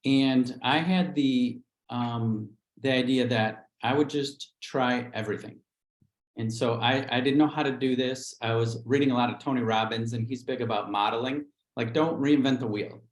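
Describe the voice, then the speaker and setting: A man's voice: mid-range voice, normal speed, echoey room, low-quality recording. Candid middle-aged man telling his story. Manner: candid, animated storytelling with acted-out quotes. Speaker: real estate agent. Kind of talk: livestream interview storytelling.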